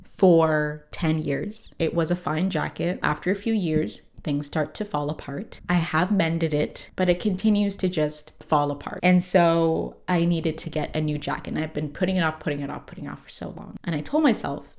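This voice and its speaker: A woman's voice: low voice, normal speed, hardly any pauses, a little mellow. A woman podcast host giving a casual episode recap and chat, swearing freely with lots of fillers.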